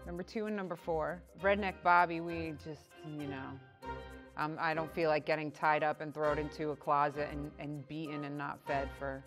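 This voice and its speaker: A woman's voice: low voice, flat delivery, moderate pace, music in the background. A woman on a comedic dating show, asking questions and teasing in a playful way.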